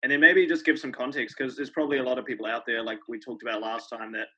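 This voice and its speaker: Bright-voiced laid-back podcast host. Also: male voice, medium pitch, flat delivery, fast, rough recording. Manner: laid-back, easily laughing, uses filler phrases. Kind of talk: casual interview chat.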